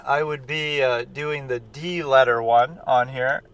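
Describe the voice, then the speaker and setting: A man's voice: medium pitch, fairly even intonation, a little slow, fairly bright tone. A man in a casual reaction chat as a film critic, rambling and conversational, with lots of fillers and restarts. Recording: distant mic with street traffic noise.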